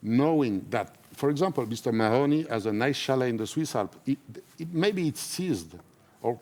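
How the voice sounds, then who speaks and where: A man who speaks natively, talking in an emotional conference interview, earnest and halting, often repeating himself. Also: mid-range voice, expressive, mellow. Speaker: interviewee, whistleblower. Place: conference stage.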